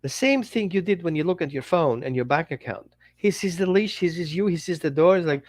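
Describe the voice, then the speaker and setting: A dog trainer talks casually to his listeners in a fairly high, very lively voice. He keeps acting out little dialogues as he teaches. The sound is close and dry. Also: fairly quick, no room sound. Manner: animated, acts out little dialogues.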